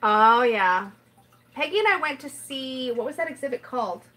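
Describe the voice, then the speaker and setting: A woman's voice: high voice, animated, normal speed, sharp tone, poor audio. A woman hosting a casual livestream, chatting in a rambling way and reading out viewer comments. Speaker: tarot livestream host.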